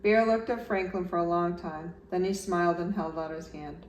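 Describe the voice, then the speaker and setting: Gentle woman reading a children's story. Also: fairly low pitch, moderate pace. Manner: gentle, expressive narration. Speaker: teacher reading aloud. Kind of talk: children's storybook read-aloud. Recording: roomy echo, slightly distant mic, faint background noise.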